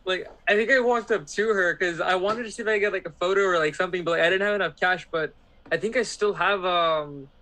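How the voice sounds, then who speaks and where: A man's voice: high-pitched, quick pace, sharp tone. A man chatting casually on a podcast, rambling with lots of likes.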